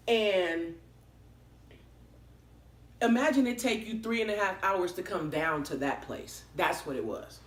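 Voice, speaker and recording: A woman vlogger telling a story in a casual, animated way, expressive and swearing freely. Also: fairly low pitch, unhurried, pauses often. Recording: roomy echoey room.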